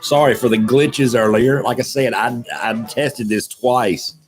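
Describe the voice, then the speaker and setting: A middle-aged man with a drawl talks loosely into a desk microphone, wandering from one thought to the next. His voice sits at an ordinary pitch, and he pokes fun at himself while he greets viewers by name. Faint music plays softly behind him. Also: steady tone, a little slow. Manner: rambling and self-deprecating, greets chat viewers. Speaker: live stream host. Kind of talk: casual live-stream chat.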